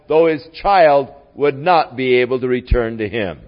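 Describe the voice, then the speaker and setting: A man preaching a sermon in a slow, deliberate way, his voice rising and falling widely in pitch and loudness. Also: muffled recording.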